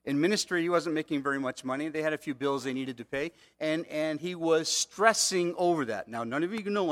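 Male pastor, slightly higher voice, conversational sermon delivery, asks the room questions. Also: fairly bright tone. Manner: conversational, rhetorical questions to the congregation.

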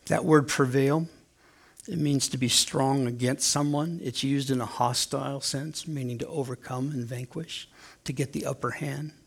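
A man in his sixties delivers a sermon with a gravelly, slightly rough voice at an ordinary middle pitch. He talks casually with his congregation and slips into playful voices when he acts out the quotes. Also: steady tone, moderate pace. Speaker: pastor.

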